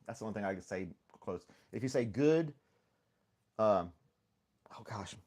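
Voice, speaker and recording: A man's voice: fairly low pitch, lively intonation, normal speed, a little mellow. Rambling, easygoing man hosting a live chat. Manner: rambling, easygoing, laughs often. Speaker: live stream host. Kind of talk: casual chat with live chat viewers.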